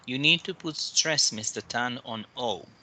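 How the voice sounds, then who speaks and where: A man's voice: medium pitch, unhurried, pushed and bright, slight background noise, rough recording. A man teaching pronunciation in an online one-to-one English lesson, explaining patiently step by step over a video call. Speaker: English tutor.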